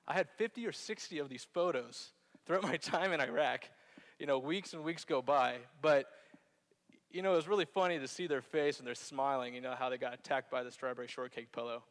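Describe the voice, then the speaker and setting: A man's voice: medium pitch, a little fast, fairly bright tone. A man who served in Iraq, telling a playful, jokey personal story on stage and acting out scenes. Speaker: Marine veteran telling his story on stage. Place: theater stage. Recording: hall reverb.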